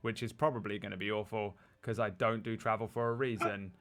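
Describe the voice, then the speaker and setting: A man who runs a tabletop campaign, trading deadpan, mock-grumpy jokes in livestream banter. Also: on the low side, brisk. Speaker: game master of another campaign.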